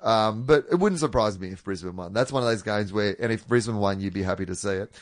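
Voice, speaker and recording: A man's voice: lowish voice, quick pace, no room sound. A man co-hosting a casual sports podcast, chatty and jokey with lots of fillers. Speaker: podcast co-host.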